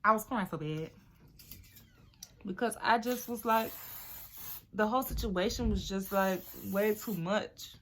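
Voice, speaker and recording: Young woman vlogger, bright forward voice, animated storytime chat at home. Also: mid-range voice, measured pace, pauses often, a little hiss or hum. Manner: chatty, animated, talks to viewers as "girl". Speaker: beauty vlogger.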